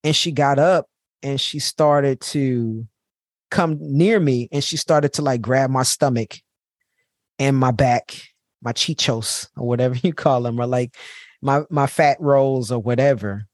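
Podcast host, man, mid-pitched voice, heartfelt storytelling, dry close mic. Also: unhurried, dry recording. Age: adult parent. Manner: candid and heartfelt, repeats words for emphasis. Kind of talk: personal storytelling monologue.

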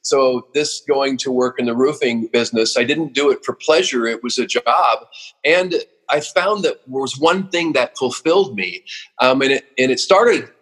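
Husky-voiced man telling earnest stories. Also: medium pitch, moderate pace, a bit bright. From Oregon, USA. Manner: earnest, emotional storyteller with many restarts. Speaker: guest, company founder. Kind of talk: storytelling interview.

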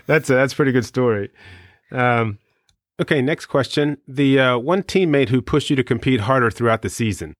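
A man's voice: mid-range voice, normal speed, no echo, clean studio sound. A man interviewing a guest, asking short questions and giving brief encouraging reactions.

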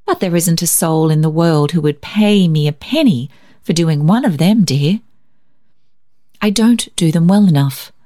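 Woman voicing a gentle young woman of twenty. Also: fairly low pitch, animated, measured pace. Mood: tender earnest. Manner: tender, reassuring, calls her sister dear.

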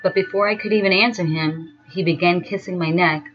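A woman telling a first-person story in a slow, dreamy way. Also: fairly low pitch. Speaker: narrator. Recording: dull lo-fi sound with faint music.

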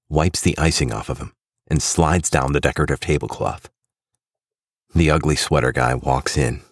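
A man narrates a storybook tale in an extremely deep voice. He reads in a steady, even manner, close and dry with no room sound. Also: dry recording.

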